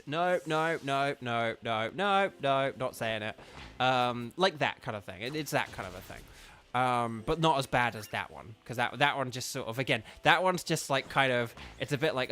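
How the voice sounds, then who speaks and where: A man live-streaming a game, chatting loosely with his viewers, full of ums and quick laughs. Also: mid-range voice, expressive, sharp tone. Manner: rambling, lots of ums and laughs, answers chat. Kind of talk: casual live-stream chat.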